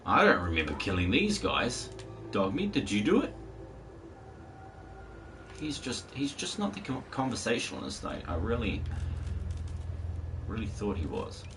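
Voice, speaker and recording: A man's voice: lowish voice, huge pitch swings, measured pace, pauses often, over music. A man live-streaming a game in casual chat, rambling along and talking to his viewers and the game's dog. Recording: distant mic with faint background noise.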